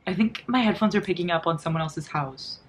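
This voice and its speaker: A woman's voice: on the low side, brisk. A young woman in her twenties from the United States, chatting casually in a reading vlog with giddy, dramatic reactions and lots of laughter. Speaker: book vlogger.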